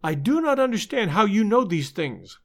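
A man reading aloud and voicing a passionate young Italian wife who speaks in exclamations and halting English, with an Italian accent. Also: sits high, sing-song, fairly bright tone, heavily acted. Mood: excited.

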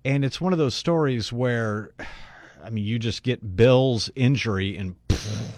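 A man co-hosting a radio talk show, telling a story in an animated way. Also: mid-range voice, measured pace, no echo. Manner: animated storyteller, voices the people in his story. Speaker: radio co-host. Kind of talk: casual radio chat, storytelling.

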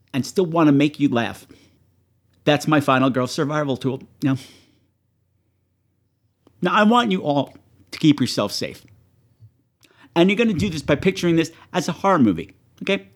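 A man hosting a horror movie show, talking casually and profanely to his viewers and shrieking in mock panic. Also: on the high side.

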